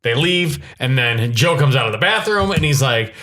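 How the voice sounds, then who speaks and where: A man co-hosting a podcast, casually recapping a film's plot and acting out the characters' lines in quick little voices. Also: medium pitch, expressive, pushed and bright. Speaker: podcast co-host. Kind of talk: casual movie recap chat.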